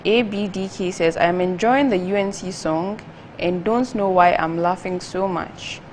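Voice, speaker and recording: A woman reads viewer text messages on a live TV talk show. Her voice is low for a woman and her reading is steady and measured. A faint room ambience hums behind her. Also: slight background noise. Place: TV studio.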